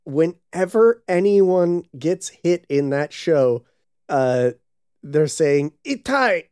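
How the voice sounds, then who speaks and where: A man talks slowly in a relaxed, amused way, chatting casually with a co-host. His voice is mellow and smooth. The sound is dry and close, with no room around it. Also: on the high side, dry recording. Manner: slow, relaxed, amused, drawn-out explanations. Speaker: podcast co-host. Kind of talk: casual chat about anime.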